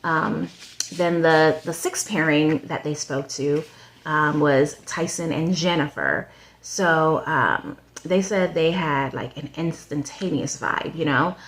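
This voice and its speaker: A woman's voice: low voice, slow, a bit bright, a little hiss or hum. A woman in a casual, chatty show recap who rambles with lots of "um", "like" and "you know", giving her opinions and speaking straight to the people she discusses.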